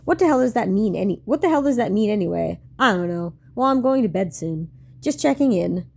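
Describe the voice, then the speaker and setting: Wry, gravelly woman mocking her old diary. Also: mid-range voice, animated, fairly quick, darkish tone. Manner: wry, self-mocking, swears, laughs often. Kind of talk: casual commentary on old diary.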